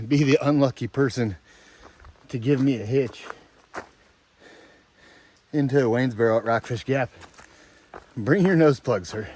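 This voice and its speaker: On a wooded trail, a thru-hiking vlogger records a cheerful, chatty update on a handheld selfie camera, often saying "baby." His voice is medium in pitch and warm, with slight background noise.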